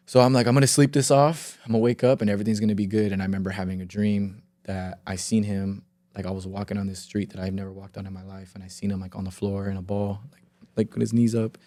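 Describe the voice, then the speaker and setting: Young man, podcast guest, lowish mellow voice, dry close sound; rambling casual storyteller who swears freely. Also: no echo. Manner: rambling, heavy filler words and reenacted quotes. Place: podcast studio.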